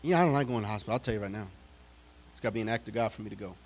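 Racing along in a lowish voice, this preacher tells stories during his sermon. He moves dramatically from booming proclamations to quiet asides, tossing funny, direct comments to the congregation.

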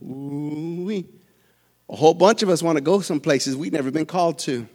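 A male preacher giving a fervent sermon, swinging from quiet asides to shouted peaks. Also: on the high side, normal speed, long reverb tail.

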